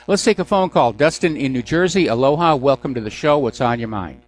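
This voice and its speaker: A man's voice: mid-range voice, animated, brisk, a little hiss or hum. Sarcastic male radio talk host. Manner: sarcastic, mocking asides. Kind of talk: news commentary call-in show.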